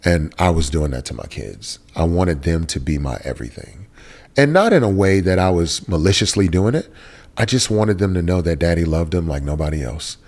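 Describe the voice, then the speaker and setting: Man, very low pitch, candid testimony, sit-down interview, earnest, slangy. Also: animated, fairly quick, darkish tone. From Texas, USA. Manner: earnest, emotional, casual slang like "bro". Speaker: interview guest.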